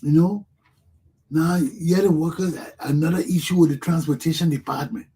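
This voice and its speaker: A man's voice: fairly high pitch, steady tone, moderate pace, mellow, breathy edge. A man with a Liberian English accent hosting a talk show, giving impassioned political commentary and repeating himself as he addresses his listeners.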